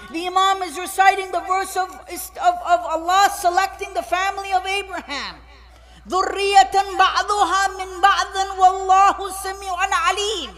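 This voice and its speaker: A preacher giving a mourning sermon, impassioned and swelling into chanted shouts of lament, weaving Arabic phrases into the telling. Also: extremely high pitch. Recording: long hall reverb.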